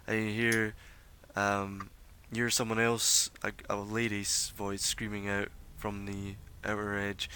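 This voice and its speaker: A man's voice: lowish voice, completely flat delivery, a little slow, sharp tone, smooth. A man narrating as game master of a tabletop game, rambling with many fillers.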